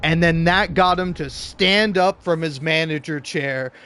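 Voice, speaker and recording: A man's voice: a little high, measured pace, a bit bright, smooth. A young man telling a rambling, profane story in casual chat, with frequent laughs. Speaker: streamer. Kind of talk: casual storytelling while gaming.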